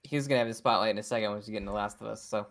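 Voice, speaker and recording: A man co-hosting a gaming podcast, teasing the others with quick quips. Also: lowish voice, background noise. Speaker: podcast co-host. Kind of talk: casual gaming chat.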